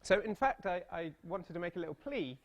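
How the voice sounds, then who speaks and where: In a seminar room, a British mathematics lecturer in his thirties gives a talk, his voice sitting high, expressive and brisk, with slight background noise. He's chatty and self-deprecating, adding playful storytelling asides.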